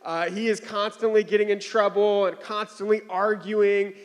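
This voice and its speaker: High-voiced casual male pastor. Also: level tone, moderate pace. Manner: casual, conversational, with frequent fillers and chuckles. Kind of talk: sermon with personal story.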